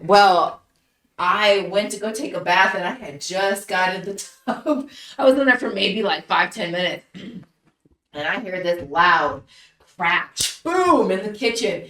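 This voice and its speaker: A woman's voice: mid-range voice, a little slow, a bit bright, a little hiss or hum. A woman in casual podcast chat tells a story with lots of fillers and swearing, laughing along as she goes. Her voice sounds roomy and a bit distant from the mic. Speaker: podcast co-host.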